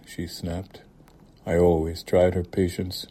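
A man reading a literary short story aloud in a calm, measured way. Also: low voice. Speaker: reader.

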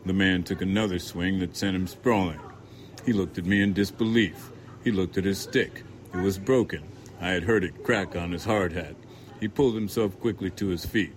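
A man reading a novel aloud in a measured, dry first-person narration. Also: sits low, fairly even intonation. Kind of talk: audiobook narration.

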